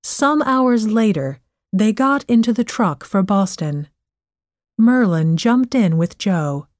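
A woman narrating a story in a clear, measured way. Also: medium pitch, lively intonation, darkish tone, no echo, studio quality. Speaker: audiobook narrator.

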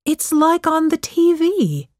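A woman voicing a frightened fifteen-year-old boy who asks anxious, searching questions, read slowly for an audiobook. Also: extremely high pitch, very animated, darkish tone, dry recording, clean studio sound, voice pushed up, exaggerated voice. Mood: wondering.

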